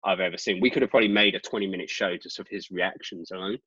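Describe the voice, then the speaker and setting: A British man with a fairly low voice chats as a guest, telling stories with energy and a stream of "like" fillers. The recording is dull and dry, with a lo-fi sound. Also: fast talker, husky, dry recording. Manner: animated, lots of "like" fillers. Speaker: guest magician. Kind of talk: casual storytelling chat.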